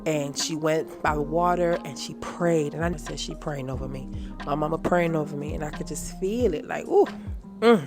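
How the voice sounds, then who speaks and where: A woman telling an animated, faith-filled story to her viewers in casual chat. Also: low-pitched, moderate pace. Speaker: vlogger. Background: music.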